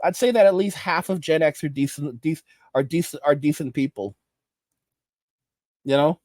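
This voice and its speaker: A man's voice: fairly high pitch, moderate pace, darkish tone, no echo. A man hosting a commentary channel, ranting in an exasperated, lecturing way with frequent restarts.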